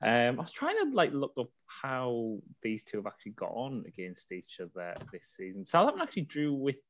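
A man from England hosting a casual football podcast, chatty and quick to laugh. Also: mid-range voice, huge pitch swings. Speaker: podcast host.

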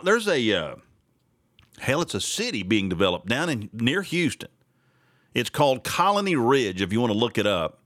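A man's voice: mid-range voice, fairly bright tone, dry recording, studio quality. A man hosting a casual political commentary podcast, sarcastic and rambling, laughing often. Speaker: podcast host.

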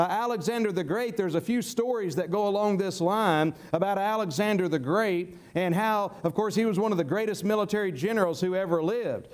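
High-pitched male pastor, folksy and emphatic sermon delivery. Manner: folksy, emphatic, repeats words when starting.

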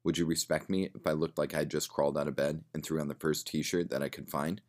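A man's voice: rumbling low, level tone, brisk. A man voicing a prickly, well-off woman who answers defensively in a bar. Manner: defensive, sharp retorts.

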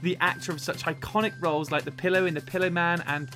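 A brisk spoof news anchor, put on by a podcaster, delivers the bulletin in a formal, announcer manner. Clear background music plays beneath the voice. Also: mid-range voice, fairly even intonation, pushed and bright, lightly acted. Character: brisk breaking-news presenter. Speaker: mock newsreader.

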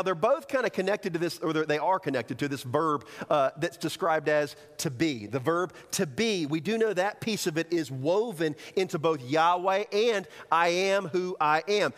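High-voiced preaching man, big hall echo. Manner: animated preaching, voices quoted excuses. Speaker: pastor. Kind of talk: sermon. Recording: long hall reverb.

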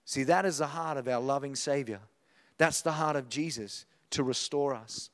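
A man's voice: medium pitch, normal speed, long reverb tail. A man, preaching a passionate sermon and telling a personal story. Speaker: pastor.

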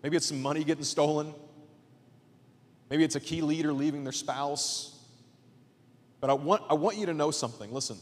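A man preaching a sermon as a guest pastor in a church, casual and chatty, swinging between loud emphatic points and hushed asides. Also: on the high side, long reverb tail. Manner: casual, chatty with fillers and jokes. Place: church auditorium.

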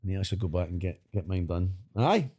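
A Scottish man co-hosting a podcast, chatting casually as an animated storyteller who laughs often and swears. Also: deep voice, fast, slightly rough. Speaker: podcast co-host. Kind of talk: casual chat.

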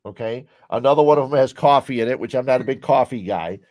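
Here the same kind of scene: a Chicago-area American man hosts his own podcast, rambling casually between topics while drinking a beer at home. He talks fast in a mid-range, darkish voice, captured in studio quality without echo.

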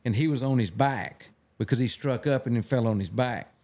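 An older man tells stories slowly and folksily. He often stops and restarts mid-sentence. His voice sits at an ordinary middle pitch. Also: dark tone. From Texas. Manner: halting, restarts, folksy drawl. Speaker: guest photographer. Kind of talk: casual storytelling.

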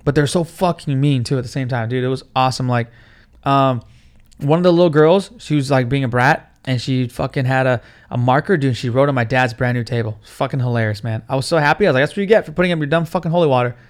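A man's voice: mid-range voice, quick pace. A young adult man hosting a podcast, telling stories in a loose, profane, rambling casual monologue. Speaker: podcast host.

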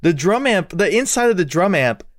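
A man's voice: high-pitched, very animated, normal speed, no echo, studio quality. A young man chatting casually on a podcast as a musician guest, swearing freely and laughing as he tells stories. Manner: profane, laughing storyteller. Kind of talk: casual chat.

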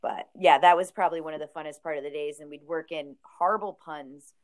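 A woman's voice: low voice, steady tone, fast. A woman who owns a record store, chatting casually as a podcast guest, laughing often and acting out quotes.

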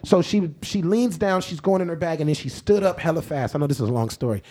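A young man telling a long story in casual podcast chat, animated and laughing often, acting out what people said. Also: on the high side, fast talker. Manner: animated, laughing, acts out quoted lines. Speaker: podcast co-host.

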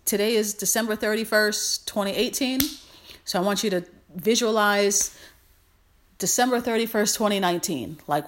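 Affectionate woman giving a pep talk. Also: medium pitch. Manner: affectionate, repetitive, encouraging. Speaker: podcast host. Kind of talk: motivational monologue.

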